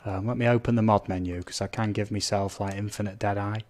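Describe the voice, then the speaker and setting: A man's voice: lowish voice, steady tone, quick pace, darkish tone. A man chatting casually as he streams a game, reading out viewer comments and blurting out little sound effects. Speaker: gaming live streamer.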